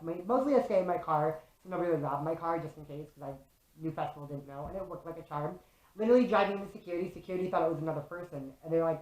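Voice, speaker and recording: A young woman vlogger tells a story directly to the camera, lively and loose, swearing often and scattering "like" through her speech. Her voice is slightly low for a woman, and the room she's in is echoey.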